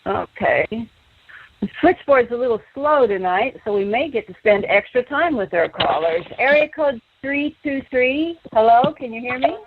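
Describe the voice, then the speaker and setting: A woman astrologer co-hosting a call-in show, friendly and brisk, often backing the others up with mm-hmm. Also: a little high, animated, slight background noise. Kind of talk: call-in radio show, casual. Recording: dry, muffled lo-fi line.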